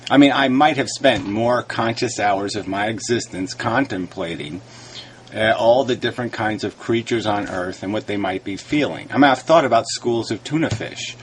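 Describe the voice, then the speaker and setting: A man's voice: fairly low pitch, normal speed, a little hiss or hum. Frustrated ranting man. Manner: frustrated, raises his voice, swears. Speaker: video blogger replying to critics. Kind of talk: argumentative video rant.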